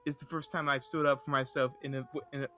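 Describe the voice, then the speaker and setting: A man's voice: mid-range voice, level tone, fast talker, sharp tone, faint music behind. A young man hosting a comedy podcast, reading stories aloud in a casual, joking way. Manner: reads aloud with acted voices, joking.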